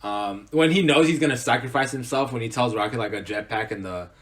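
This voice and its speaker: A young man in casual podcast chat, enthusiastic and rambling. He strings thoughts together with fillers and restarts. His pitch sits in an ordinary middle range. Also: fairly quick, a bit bright. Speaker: podcast co-host.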